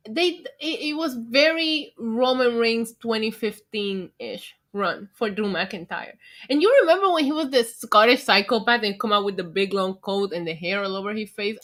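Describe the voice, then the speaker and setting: A woman's voice: fairly high pitch, a bit bright. A young woman with a New York accent hosting a casual livestream, tipsy and chatty, laughing often as she reads the chat. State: drunk. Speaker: livestream host.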